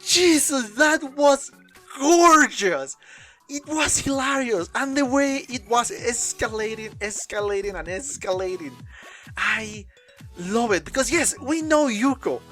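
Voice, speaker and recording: Excitable woman reacting, slow and lively. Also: on the high side. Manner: excitable, laughs often while talking. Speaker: anime reaction host. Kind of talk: casual reaction commentary.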